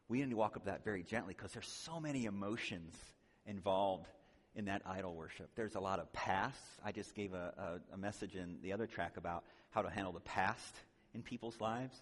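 A man's voice: low voice, fairly quick. A man giving an earnest, conversational sermon-style teaching on counseling, now and then acting out the voices of the people he quotes. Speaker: speaker at a church conference. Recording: long hall reverb.

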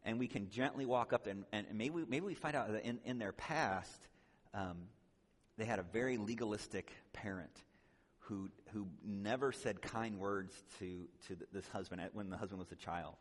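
This church conference speaker is an earnest man whose fairly low voice moves at a normal speed. He teaches conversationally, like a sermon, occasionally imitating those he quotes, while a long reverb suggests a big hall.

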